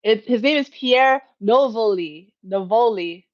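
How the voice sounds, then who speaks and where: A woman's voice: fairly high pitch, animated, a little slow, muffled recording. Rambling woman chatting on a livestream. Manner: rambling, self-correcting, chatty with frequent laughs. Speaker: livestream host. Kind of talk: casual live Q&A chat. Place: at home.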